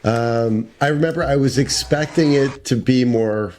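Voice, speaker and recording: A man's voice: medium pitch, unhurried, a little mellow, a little hiss or hum. Laid-back man with dry humor. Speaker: podcast co-host, the host's cousin. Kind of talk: casual chat.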